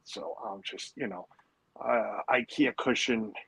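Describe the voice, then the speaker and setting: A man's voice: fairly low pitch, steady tone, takes it slowly, gravelly, fairly bright tone, breathy edge, no echo, rough recording. A man hosting a casual livestream from home, chatting and rambling with lots of fillers. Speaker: livestream host. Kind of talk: casual chat.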